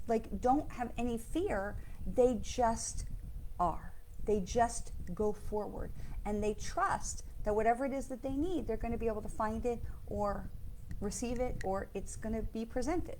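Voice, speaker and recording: A woman's voice: fairly high pitch, a little mellow, slight background noise. A middle-aged woman, a psychic medium, talking casually and enthusiastically to her listeners and often checking in with them. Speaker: psychic medium hosting a weekly live. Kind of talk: casual spiritual talk with card readings.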